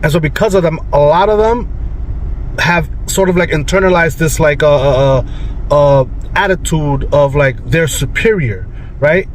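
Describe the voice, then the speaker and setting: A man's voice: fairly high pitch, normal speed, slight background noise, rough recording. A man giving casual commentary in a hesitant way, stopping often with fillers and restarts, recorded in a car.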